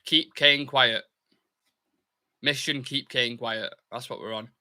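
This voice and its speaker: Young man, very bright voice, chatty live football watchalong host, reads comments, excitable bursts. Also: medium pitch, slow. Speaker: fan channel host.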